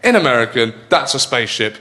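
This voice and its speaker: A man's voice: mid-range voice, big pitch swings, fast, very noisy. A man doing a chatty stand-up routine in a comedy club, with self-mocking asides. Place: comedy club stage with live audience. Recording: roomy hall with crowd.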